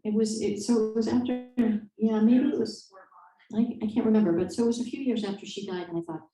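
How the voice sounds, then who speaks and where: A woman's voice: fairly high pitch, fairly even intonation, brisk, dark tone, faint music behind. Distant, echoey woman author, thoughtful. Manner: thoughtful, hesitant, many fillers and restarts. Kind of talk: conversational interview. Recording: echoey room, distant mic.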